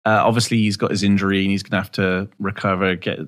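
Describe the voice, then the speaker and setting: Low-voiced, hesitant man. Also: little pitch movement, fast talker, fairly bright tone. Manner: hesitant, restarts, agreeable. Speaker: podcast co-host. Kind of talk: casual chat.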